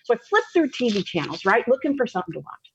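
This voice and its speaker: A woman, a podcast guest telling a personal story candidly, laughing often and slowing down for emphasis. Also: on the high side, sing-song, dull audio, slight background noise.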